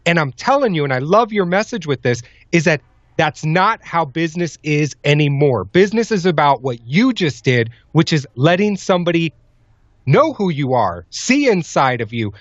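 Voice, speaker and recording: Man, podcast host, enthusiastic, slightly high voice, dull dry sound. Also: sing-song, moderate pace, dry recording. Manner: enthusiastic, emphatic. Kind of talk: interview questions and commentary.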